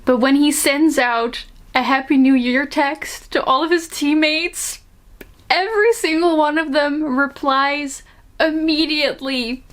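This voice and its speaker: A woman reviewing books casually, reading excerpts aloud, gushing and self-mocking and often laughing. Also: high-pitched. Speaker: book reviewer.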